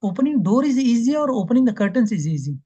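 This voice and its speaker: A man's voice: very high-pitched, sing-song, fast, warm tone, slightly rough, dry recording. A man, teaching an online scripture class and telling a devotional story with acted-out quotes and many fillers. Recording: dull lo-fi call audio.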